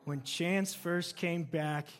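A man in his thirties preaches to his congregation with a noticeably high voice. He talks casually and tells stories with animation, easing his points in with humor rather than thundering. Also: slow. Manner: conversational, animated storytelling with laughs. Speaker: pastor. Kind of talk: sermon.

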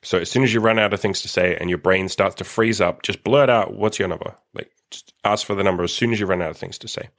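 A young man talks through a solo podcast in a casual, blunt way, cursing freely. His voice sits on the low side. He keeps slipping into little acted-out snippets of dialogue. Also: fairly even intonation, quick pace, a bit bright. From Australia. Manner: blunt, swears freely, acts out quoted dialogue. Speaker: dating coach podcast host.

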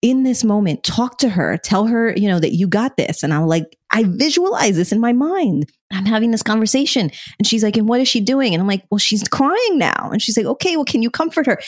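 A woman co-hosting a podcast, telling a personal story in an expressive way and acting out remembered dialogue. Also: mid-range voice, fairly quick, hardly any pauses, dry recording, studio quality. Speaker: podcast co-host.

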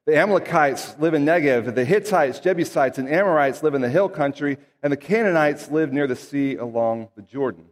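A man's voice: fairly high pitch, expressive, fairly quick, hardly any pauses, in a large hall. A man reading scripture aloud and then preaching in an earnest, conversational way with emphatic asides. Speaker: pastor.

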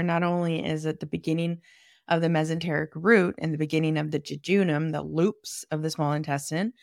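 A low-pitched woman hosts a podcast and walks through anatomy in a loose, conversational way, pausing to think aloud and tossing in asides. Her voice is close and completely dry, with no room sound around it. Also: vocal fry, no room sound. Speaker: podcast host and manual therapist. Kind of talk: casual educational monologue.

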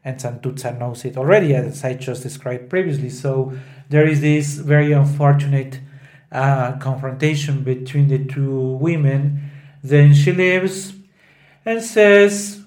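A man's voice: fairly high pitch, a little slow, a little mellow. A man hosting a show on opera, retelling a scene in a loose, informal way with many fillers. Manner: loose, with many fillers, quoting lines in Italian and English. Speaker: podcast host explaining an opera. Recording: roomy echo.

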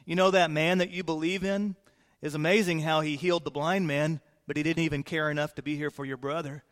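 A man's voice: fairly high pitch, steady tone, a little fast, fairly bright tone, natural voice. A man voicing a two-faced mourner who offers syrupy fake sympathy while spreading gossip. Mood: falsely consoling. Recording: long hall reverb.

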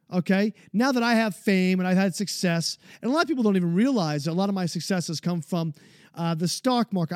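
A man's voice: sits high, darkish tone, no room sound, studio quality. A man hosting a podcast, giving an emphatic, preachy motivational monologue, casually swearing and restarting phrases. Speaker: podcast host.

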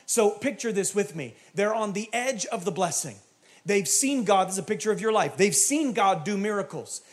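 Man, pastor, high-pitched voice, animated sermon, acts out dialogue, shouted climaxes. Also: normal speed.

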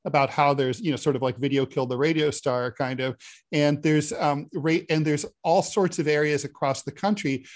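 Man, podcast co-host, sardonic deadpan, slightly high voice. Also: moderate pace. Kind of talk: casual political chat.

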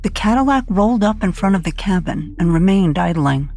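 A woman narrating an audiobook thriller in a steady, dramatic reading voice. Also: medium pitch, fairly quick, soft background music.

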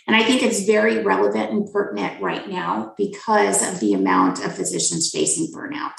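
A woman with a strongly gravelly, fry-laden voice, speaking fairly high and swooping all over her range as she tells a frank personal story. She repeats words for emphasis. The sound carries a roomy echo. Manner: frank, animated, emphatic repetition. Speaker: physician guest.

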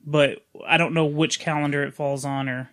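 A man's voice: fairly high pitch, steady tone, normal speed, a bit bright. A man hosting a casual podcast chat, loose and self-mocking, laughing often and stumbling over hard names. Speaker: podcast host.

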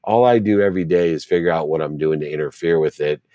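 A man's voice: a bass voice, quick pace, mellow, dry recording. A middle-aged man, an interview guest, telling his life story in an earnest, reflective way and stacking repeated phrases.

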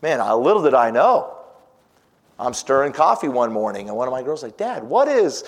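A man's voice: medium pitch, lively intonation, a little fast, background noise. Man preaching in a reverberant hall. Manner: dramatic swings from loud emphasis to hushed near-whisper; quotes scripture in old-fashioned wording. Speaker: pastor. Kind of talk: sermon.

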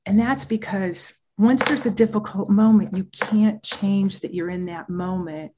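A woman speaking as a child therapist and parent coach in an interview, talking in an animated, earnest and emphatic way. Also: mid-range voice, unhurried, background noise. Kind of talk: interview conversation.

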